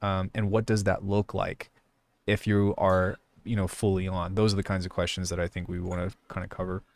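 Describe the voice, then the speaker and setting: Man, 30s, soft-spoken, low, smooth voice, dry close sound. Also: flat delivery. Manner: soft-spoken, quiet, measured. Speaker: podcast co-host and martial arts instructor. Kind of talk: casual podcast chat.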